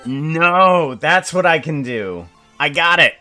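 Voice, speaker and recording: An animator thinks aloud while planning a script for an animation, musing, correcting himself and using lots of fillers. His voice runs on the high side, slow and expressive, with a pushed, bright quality, and soft music plays in the background.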